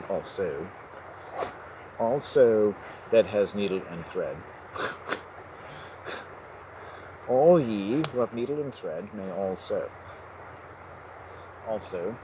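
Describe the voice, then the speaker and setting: Man rambling and joking, laughs a lot, on a walk outside; low voice, noisy outdoor sound. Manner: rambling, jokey, often laughing. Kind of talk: rambling monologue while walking. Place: outdoors by a river at dusk.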